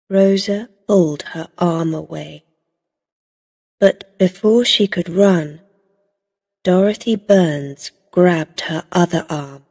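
Slow, husky woman narrating a story. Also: on the low side. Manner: steady, even, clearly paced for learners. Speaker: audiobook narrator. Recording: long reverb.

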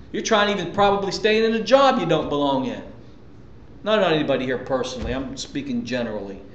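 A man delivers a sermon in a fairly high voice, pushing his points with repeated words and questions thrown at the room. The sound is roomy and dull, like a lo-fi church recording. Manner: emphatic, conversational preaching with repetitions and rhetorical questions. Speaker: pastor.

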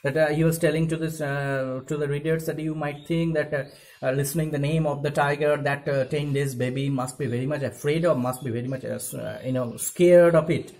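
A man's voice: a little high, fairly even intonation, a little fast, darkish tone, rough recording. A male English teacher with an Indian accent, reading a story aloud and paraphrasing it for students, with frequent fillers. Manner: reads a passage aloud, then paraphrases with many fillers. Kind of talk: explaining a literature text in a recorded lesson.

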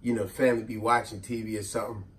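A man telling funny childhood stories to his viewers in a casual, animated way, often laughing. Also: fairly low pitch, fast, distant mic. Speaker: vlogger. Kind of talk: comedic storytelling. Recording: voice a bit off-mic.

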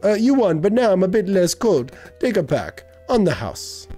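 A man's voice: high-pitched, sing-song, moderate pace, dark tone, faint music behind, pitched above the performer's own voice. A man voicing a chilly game opponent in a put-on Jamaican accent, reading game lines mock-dramatically. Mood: mock-cold.

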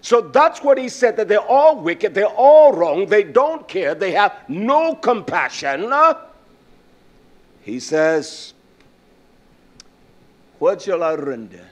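A man delivers a sermon in a high-pitched voice, taking his time over every phrase. He is emphatic and repeats his points for weight. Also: sing-song. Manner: emphatic, repetitive, slow and drawn-out phrasing. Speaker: preacher.

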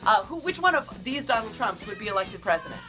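A woman's voice: mid-range voice, very animated. A young adult woman hosting a comedy chat, playful and coaching her partner. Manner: playful, coaching, quick to laugh. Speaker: comedy duo host.

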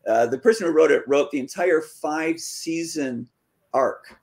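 Taking his time, a man who writes fantasy talks casually in an interview about how his writing career unfolded. When he quotes dialogue, he acts it out with lively leaps in pitch.

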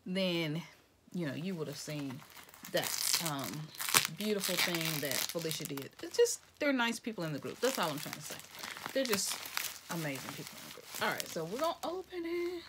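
A woman opening gifts in a casual vlog, excitable and chatty, talking straight to her viewers and slipping into whispers now and then. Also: on the low side, normal speed, heavy background noise. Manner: excitable, addresses viewers as "y'all", slips into whispers.

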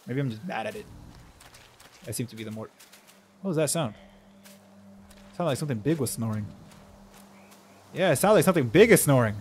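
A young man giving casual, excitable, self-mocking commentary while playing a video game, yelping when he gets hit. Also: medium pitch, fast talker, pauses often, a little hiss or hum. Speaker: gaming YouTuber.

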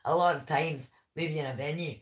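A woman's voice: deep voice, a little fast. A woman in a band, chatting bluntly on a livestream and swearing often. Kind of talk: casual livestream chat.

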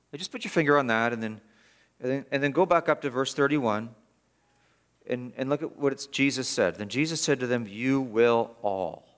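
A male pastor preaching a sermon in church, emphatic and repetitive, swinging from loud urgency to quiet gravity. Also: mid-range voice. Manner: emphatic, repeats words for stress.

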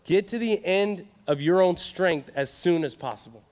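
A man preaching an energetic sermon at a youth conference, animated and joking with the crowd. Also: high-pitched, normal speed. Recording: live hall reverb.

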